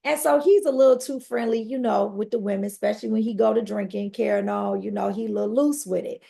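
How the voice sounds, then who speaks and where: A woman tells her personal story as a podcast guest. Her voice is gravelly, with a middling pitch. She talks in a lively, conversational way and acts out the quotes. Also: fast. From Detroit.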